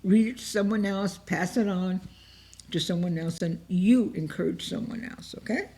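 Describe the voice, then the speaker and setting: A woman's voice: on the low side, normal speed, warm tone. A woman leading an informal Bible lesson, emotive and repetitive, often acting out heartfelt cries to God as she encourages her listeners. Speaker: Bible study teacher.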